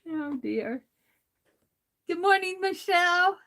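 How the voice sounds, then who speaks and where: A woman's voice: extremely high pitch, lively intonation, takes it slowly, pushed and bright, poor audio. An older woman hosting a crafting livestream, talking to herself as she works and chatting with viewers, laughing often. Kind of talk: casual crafting chat while reading viewer comments.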